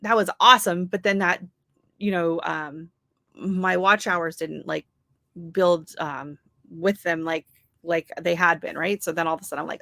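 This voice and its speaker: A woman's voice: lowish voice, moderate pace, fairly bright tone, no echo, clean studio sound. A woman hosting a casual livestream from home, chatting and laughing as she greets viewers and answers their comments. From Canada. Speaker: livestream host.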